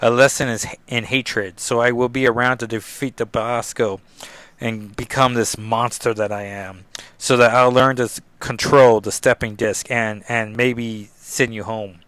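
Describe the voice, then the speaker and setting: A man's voice: medium pitch, level tone, measured pace, fairly bright tone, clear, resonant tone, no echo, close to an everyday voice. A man reading the lines of a grim, haunted young sorceress plainly, without an accent. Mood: pleading.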